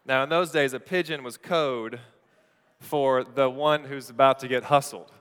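A man's voice: mid-range voice, a little slow, a bit bright, clean tone, in a large hall. A man preaching a sermon in a church, telling a story with playful asides to the congregation. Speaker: pastor. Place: church sanctuary.

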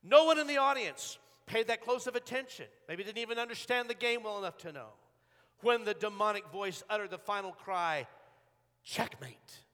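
A man preaches a sermon with a high, bright voice. He moves dramatically between hushed storytelling and loud, urgent peaks. A long reverb from the hall trails after his words. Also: fairly quick. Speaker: pastor.

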